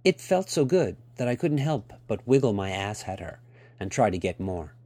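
A man reading a first-person story aloud in a steady, expressive way. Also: lowish voice, normal speed, no room sound. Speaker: narrator.

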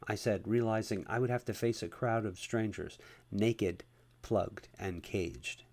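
A man reading a first-person erotic story aloud at a steady, unhurried pace. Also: lowish voice. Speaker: narrator.

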